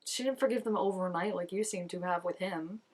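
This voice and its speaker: A woman's voice: lowish voice, fairly quick, a little mellow. A young woman hosting a casual reaction video, chatting emotionally and talking back to the screen.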